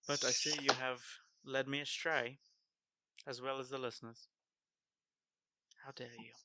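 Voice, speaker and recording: A man's voice: medium pitch, level tone, normal speed, very noisy. A man co-hosting a podcast in casual chat, playful and teasing with his co-host. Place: home studio on video.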